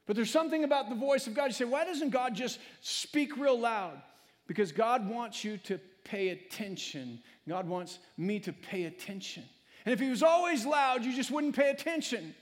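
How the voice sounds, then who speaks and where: A male pastor preaching a sermon, swinging between loud, emphatic lines and hushed, quiet ones. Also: very high-pitched, expressive, moderate pace. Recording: long hall reverb.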